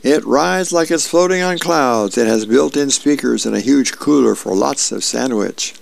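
A man voicing a cheerful telemarketer announcing a prize win in a raised salesy pitch. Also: normal speed, creaky.

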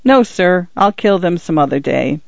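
An earnest, polite little boy, read by a man in a fairly high, everyday voice. The storybook recording is dull and lo-fi and has no room sound. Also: expressive, moderate pace, gravelly, no room sound. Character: eager, polite young boy.

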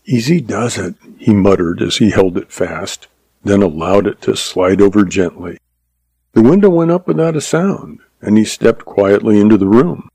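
A man in scripted narration, telling a western story at a steady pace. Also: lowish voice, normal speed, gravelly, no room sound, rough recording. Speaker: audiobook narrator.

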